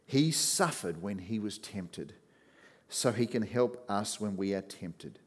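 A man preaching a sermon, swinging from loud emphatic rises to hushed, low passages as he reads scripture. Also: expressive, slow pace, slightly rough.

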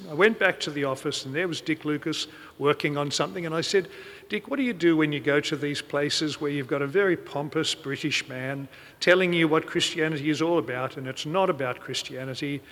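A man's voice: on the high side, fairly quick, fairly bright tone, long reverb tail. A middle-aged man preaching a sermon, telling stories and quoting the people in them. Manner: storytelling, quoting people in anecdotes.

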